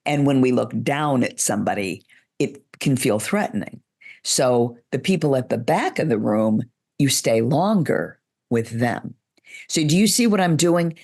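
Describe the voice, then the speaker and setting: Woman coach guest, confident teacher, a bit of fry in the voice. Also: extremely low pitch, lively intonation, measured pace, a little mellow. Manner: assured, explains step by step. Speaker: guest expert in public speaking. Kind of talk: instructive interview talk, demonstrating.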